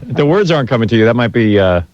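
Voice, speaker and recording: Fast, animated mocking radio host man. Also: medium pitch, no room sound. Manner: mocking, teasing. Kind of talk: casual radio banter. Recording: dull lo-fi radio broadcast.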